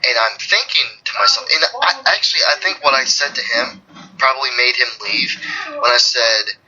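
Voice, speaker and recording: A man on a casual podcast call, talking in a rambling, halting way full of restarts. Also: mid-range voice, lively intonation, lo-fi sound, crowd noise. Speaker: podcast guest.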